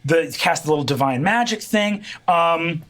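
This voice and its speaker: A man's voice: a little high, expressive, moderate pace, a bit bright. Rambling man running a tabletop game. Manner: rambling, many fillers and restarts. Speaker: game master.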